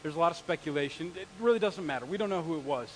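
A man with a high voice preaches in a church in a loose, conversational style. He tells stories with asides and talks straight to the people in front of him. He sounds like a pastor in his forties. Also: very fast, slight background noise, rough recording. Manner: conversational, animated storytelling with asides. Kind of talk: sermon. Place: church sanctuary.

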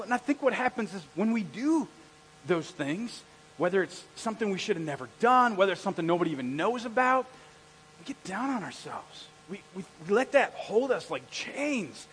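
A male pastor preaching a sermon with a husky voice, telling stories in an animated way and shouting out the lines he quotes. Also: high voice, slight background noise. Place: church hall. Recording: echoey hall.

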